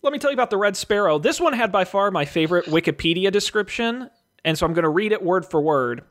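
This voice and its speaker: A man's voice: high voice, animated, fast, fairly bright tone. A man hosting a casual show, reading out movie blurbs and calling bids like a jokey auctioneer. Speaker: host running a movie draft auction. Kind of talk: casual podcast chat.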